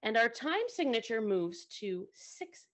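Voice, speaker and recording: A woman's voice: fairly high pitch, very animated, measured pace, fairly bright tone. A woman co-host teaching music at the piano, talking conversationally and often checking in with her listeners.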